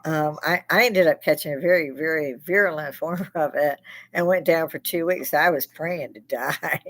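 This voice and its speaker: A woman's voice: low voice, moderate pace, fairly bright tone. A woman in her sixties, a live-stream host, telling rambling stories in a blunt, profane way and laughing often. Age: 60s. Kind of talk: casual chat.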